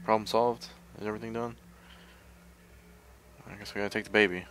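A man's voice: lowish voice, little pitch movement, fairly quick, fairly bright tone, a little hiss or hum. A man hosting a gaming channel, giving profane, jumpy commentary on a horror game and talking to his viewers.

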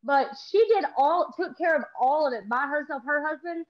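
A high-voiced woman from Texas with a strong Southern US accent. She talks very fast and swears casually as she tells stories. Her sound is dull and lo-fi. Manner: very fast, profane storytelling. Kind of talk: casual chat.

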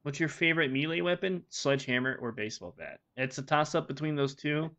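A man's voice: a little high, a little fast, sharp tone. A man streaming a game, rambling to himself and his viewers with plenty of swearing. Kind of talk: casual gameplay commentary. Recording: dull lo-fi recording.

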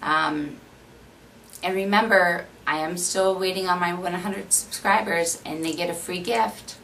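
Low-voiced woman vlogger with a Minnesota accent, rambling casual chat, faint background hiss. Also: fairly even intonation, measured pace, a bit bright, recorded from a distance, rough recording. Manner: chatty, rambling, many fillers. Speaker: beauty vlogger.

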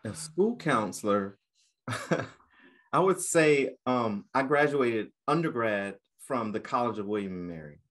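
Lively storytelling man, laughs a lot. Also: medium pitch, unhurried. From United States. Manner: lively, laughs often, acts out quotes. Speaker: guest counselor educator. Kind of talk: casual podcast storytelling.

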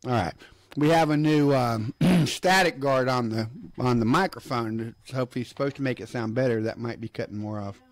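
Friendly Southern US man hosting a live stream, easy laugh, middle pitch, dry close mic. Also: moderate pace, no echo. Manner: chatty and upbeat, laughs easily, lists greetings to viewers. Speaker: host of an online book-reading broadcast. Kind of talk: casual live-stream talk.

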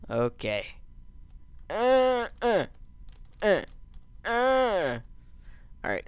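Male let's-play commentator, silly and jokey, with a smooth, creaky voice. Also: medium pitch, expressive, measured pace, long pauses, fairly bright tone, no room sound. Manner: goofy, yelping over the game's crashes. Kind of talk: gameplay commentary.

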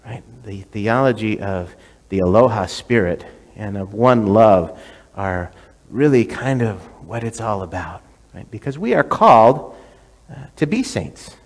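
A man's voice: on the low side, expressive, a little slow, big-room sound. A male priest preaching a sermon, telling a story in a conversational way, often restarting phrases and checking in with "right?". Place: church sanctuary.

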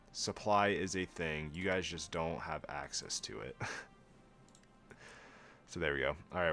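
Sarcastic deep-voiced young man gaming. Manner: sarcastic, self-mocking, laughs often; flat monotone when joking. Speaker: gaming video host. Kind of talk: casual gameplay commentary.

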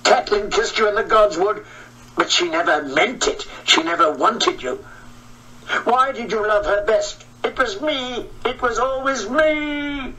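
A man's voice: high voice, expressive, measured pace, bright, forceful tone, distant mic, exaggerated voice, poor audio. A man voicing a hysterical jealous noblewoman. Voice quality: sobbing, frantic and pleading. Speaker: audiobook narrator.

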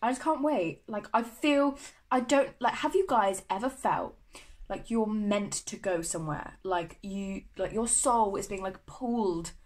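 A woman's voice: mid-range voice, unhurried, low-quality recording. A young woman from the UK chatting to camera in a vlog, gushing and full of fillers. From United Kingdom. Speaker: vlogger. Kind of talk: casual chat to camera.

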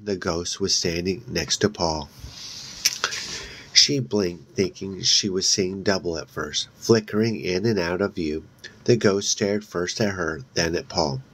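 With slight background noise behind him, an audiobook reader with a low voice narrates a horror novel in a relaxed read-aloud, moving slowly and stumbling into restarts now and then.

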